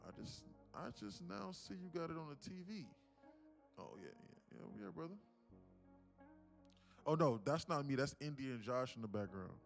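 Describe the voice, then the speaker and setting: A man's voice: fairly high pitch, sing-song, moderate pace, vocal fry, long pauses, faint music behind. Rambling male trading livestreamer. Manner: rambling, repeats words, talks to chat viewers. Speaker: day-trading livestream host. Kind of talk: casual live-stream chat.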